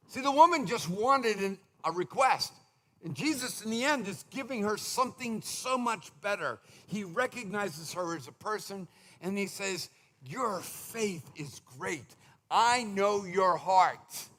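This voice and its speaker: Animated, bright-voiced male preacher. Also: sits high. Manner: animated, conversational preaching with mimicked asides. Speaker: pastor. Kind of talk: sermon. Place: church sanctuary.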